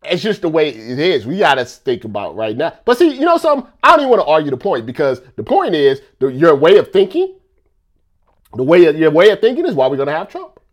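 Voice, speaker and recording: A man's voice: on the high side, huge pitch swings, brisk. A man talking in a casual rant, repeating himself and firing off rhetorical questions.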